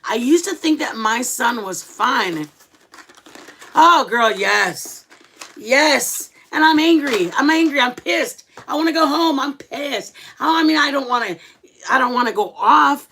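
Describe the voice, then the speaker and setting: Woman, middle-aged, livestream host, casual chat, animated, bright tone. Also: high-pitched, a little slow, a little hiss or hum. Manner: animated, chatty, dramatic storytelling.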